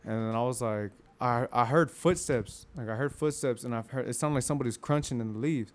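A man recounts a strange sighting in loose, slang-heavy talk, padded with fillers and restarts. His voice sits at an ordinary pitch. The delivery is unpolished and conversational. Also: fairly quick. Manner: slangy, rambling with many fillers. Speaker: guest telling ghost stories. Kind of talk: casual storytelling.

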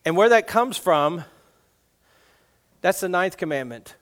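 A middle-aged man delivering a sermon as if talking with friends, joking and drawing the children into it. His voice sits a little higher than most men's. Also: expressive, unhurried, long pauses, fairly bright tone. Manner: conversational and joking, asks the kids questions. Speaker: guest preacher.

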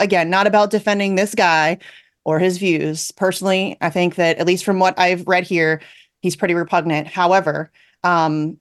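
A woman hosting a talk radio show, chatty and upbeat as she introduces guests and reacts. She talks in a mid-range voice and leans on easy fillers between thoughts. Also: lowish voice.

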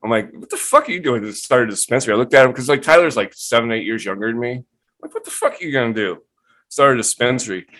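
A man's voice: medium pitch, fast. A man telling stories as a guest on a live online show, swearing freely and acting out what others said. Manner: profane, animated, acts out quotes. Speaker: guest cannabis breeder. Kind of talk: casual storytelling.

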